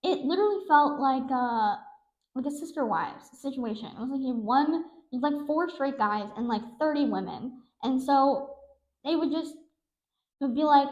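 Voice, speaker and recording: A young adult woman hosting a podcast, telling stories in a sarcastic, animated, self-mocking way. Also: high-pitched, moderate pace, echoey room, highs cut off. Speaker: podcast host. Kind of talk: casual storytelling monologue.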